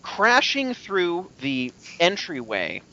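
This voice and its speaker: A man narrating as game master of a tabletop game, describing scenes with many fillers and pauses. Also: sits high, wildly swooping pitch, pushed and bright. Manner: descriptive, halting with fillers, puts on brief voices for townsfolk. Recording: dull lo-fi podcast audio.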